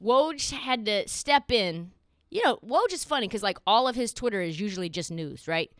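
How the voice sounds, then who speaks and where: Lively woman sports podcaster. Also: mid-range voice, no room sound, studio quality. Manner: animated, sarcastic, quick asides. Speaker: podcast host. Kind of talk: casual sports commentary.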